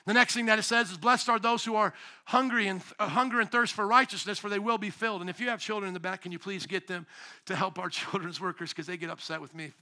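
A high-pitched male pastor delivering a sermon with a bright, forceful tone. He swings from loud, emphatic bursts down to quiet, low asides. He sounds like the father of young children. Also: steady tone, quick pace. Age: young adult to middle-aged, a parent of young children.

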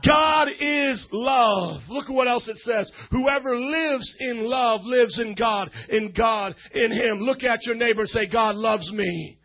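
A man preaching a sermon to a youth crowd from a stage, loudly leading call-and-response and often shouting. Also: extremely high pitch, takes it slowly, creaky, few pauses, highs cut off.

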